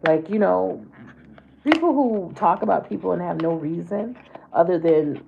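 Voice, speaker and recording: A middle-aged woman chatting casually with her viewers while doing her makeup, warm to them and calling them babe. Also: fairly low pitch, animated, moderate pace, gravelly, phone-quality sound, slight background noise. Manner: chatty, affectionate, calls viewers babe and baby. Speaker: livestream host. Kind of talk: casual makeup livestream chat.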